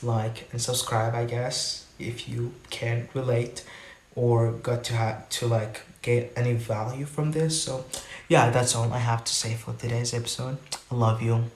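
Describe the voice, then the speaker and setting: A man's voice: mid-range voice, level tone, a little slow, a little hiss or hum. Frank rambling man, echoey room. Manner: frank, rambling, filler-heavy. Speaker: podcast host. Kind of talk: casual solo talk.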